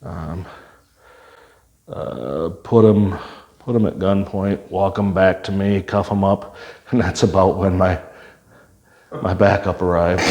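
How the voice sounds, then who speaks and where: Deep-voiced retired cop telling stories. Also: male voice, steady tone, takes it slowly, pauses often, a little mellow. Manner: plain-spoken, many fillers and restarts. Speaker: retired police officer, guest. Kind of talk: conversational storytelling.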